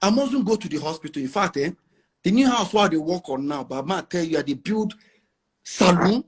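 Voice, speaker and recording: A man's voice: sits high, expressive, fairly quick, slightly rough. A middle-aged Nigerian man with a Nigerian accent, talking casually as an interview guest, boastful and emphatic, mixing in pidgin. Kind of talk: casual chat.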